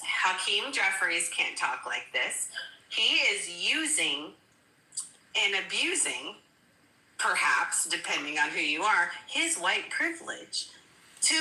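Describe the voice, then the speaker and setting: Woman guest chatting slow and emphatic, laughs a lot, tense bright voice, echoey room. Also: medium pitch. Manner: emphatic, laughing, repeats "listen". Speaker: guest commentator. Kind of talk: casual political chat.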